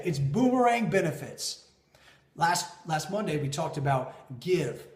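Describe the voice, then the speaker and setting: A man in his thirties speaks as a leadership coach, telling a personal story with lively swings between loud and soft. His voice sits a little high. The sound bounces around an echoey room. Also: measured pace, vocal fry. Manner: animated, with big swings in pitch and loudness. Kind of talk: motivational storytelling to camera.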